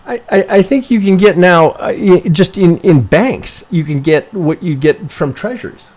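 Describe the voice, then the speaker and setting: A man's voice: high voice, animated, normal speed, darkish tone. A man teaching chart analysis on a live stream, talking casually and thinking aloud. He swears, keeps correcting himself and often checks in with "right?". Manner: rambling, profane, constantly self-correcting, asks "right?"; thinks aloud while working through charts. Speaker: trading educator reviewing member charts.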